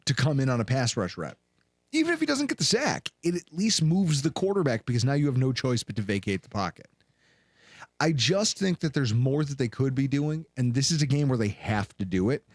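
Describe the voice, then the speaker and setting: A man in his thirties hosting a sports podcast, telling a story with lively acted-out voices. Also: medium pitch, dry recording, studio quality. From Buffalo, New York area. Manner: animated, acts out voices in anecdotes. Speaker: podcast host.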